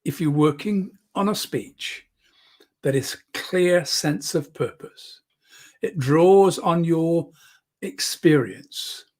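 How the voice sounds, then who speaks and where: A man's voice: on the high side, slow pace, darkish tone. A man teaching public speaking in an online lesson, demonstrating shifts in volume and emphasis close to the microphone. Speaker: speaking coach. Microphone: close microphone, moves in and out.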